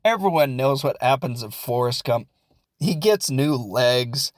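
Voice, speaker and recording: A man's voice: medium pitch, lively intonation, unhurried, dry recording, clean studio sound. A man with a Midwestern American accent, hosting a podcast and recapping a film in a rambling, jokey, self-deprecating way. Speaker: podcast host. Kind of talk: casual comedic film recap.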